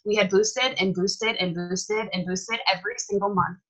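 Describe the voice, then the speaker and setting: A young woman candidly telling her personal comeback story in an animated, emphatic way. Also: mid-range voice, moderate pace, low-quality recording. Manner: animated, emphatic, swears casually.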